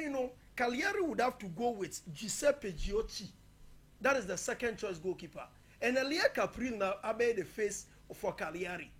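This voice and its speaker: A man's voice: high-pitched, fairly bright tone, husky. A man previewing football matches in a casual, emphatic way, slipping local-language phrases into his talk. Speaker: football pundit.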